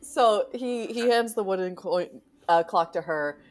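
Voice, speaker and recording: A woman narrating her character's actions in a tabletop game, in an animated storytelling manner. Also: medium pitch, a little slow, faint music behind. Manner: animated storytelling with acted quotes. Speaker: player.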